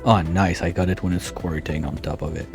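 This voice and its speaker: Guy doing a chill let's-play, low mellow voice, working stuff out out loud, faint music behind. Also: steady tone, a little fast. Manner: thinks aloud while planning, muttering calculations. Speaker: gameplay streamer. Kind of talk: casual let's-play commentary.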